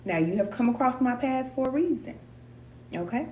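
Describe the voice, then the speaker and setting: Speaking at a moderate pace, this slightly high, somewhat mellow voice has lively intonation. She's a spiritual teacher on a live stream, cheering viewers on casually, calling them cousin and repeating things in a loose colloquial way. Echo, a distant mic and a faint hum color the recording.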